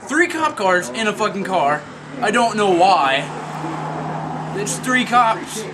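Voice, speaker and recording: A high-pitched man spins a comic story full of swearing, mumbling low one moment and yelping the next, with laughter breaking through. A steady hum of room noise sits under the noisy recording. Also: slow. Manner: profane, animated, swings between mutters and yelps; laughs while telling.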